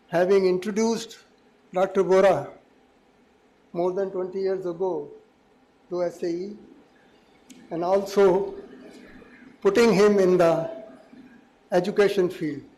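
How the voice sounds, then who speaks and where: A man in his eighties with a hoarse voice, giving a rambling, anecdotal chief guest speech. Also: high voice, dark tone, low-quality recording. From India. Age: 80s. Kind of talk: reminiscing speech.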